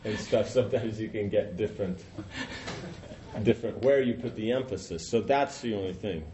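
A man's voice: lowish voice, normal speed, warm tone, slight background noise, rough recording. A man teaching an informal class, rambling and conversational, often saying "you know".

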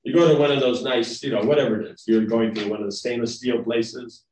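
A man's voice: mid-range voice, fairly even intonation, a little fast, a little mellow. A man giving a devotional class lecture in a rambling, conversational way, often checking in with his listeners. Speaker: spiritual lecturer. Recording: roomy, distant mic.

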